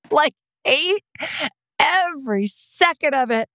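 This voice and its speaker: A woman's voice: sits high, expressive, slow pace, sharp tone, dry recording, studio quality. A woman in her thirties co-hosting a podcast in casual chat, playful and teasing, laughing often. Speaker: podcast co-host.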